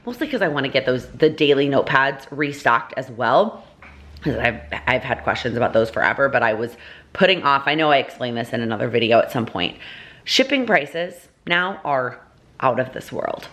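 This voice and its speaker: A woman's voice: rumbling low, lively intonation, moderate pace, a bit bright. A woman in her thirties, a mother, chatting in a rambling, casual way at home, full of fillers and self-corrections. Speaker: vlogger, mother. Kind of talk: casual rambly vlog talk. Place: home, kitchen table. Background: baby toy noises.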